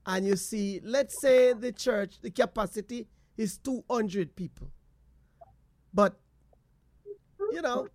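A man hosting a call-in faith chat, posing drawn-out hypothetical questions. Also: high-pitched, no room sound. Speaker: host.

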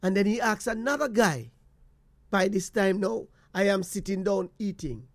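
A man with a Jamaican accent, telling a personal story to his viewers in an animated way, slipping into patois and repeating phrases. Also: sits high, normal speed, dry recording.

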